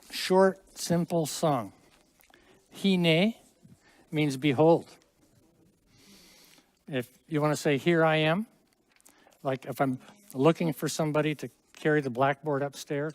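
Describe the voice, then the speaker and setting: A man's voice: fairly high pitch, dry recording. A middle-aged man teaching a Hebrew class in a classroom, explaining at length with friendly asides and small jokes. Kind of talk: classroom lesson.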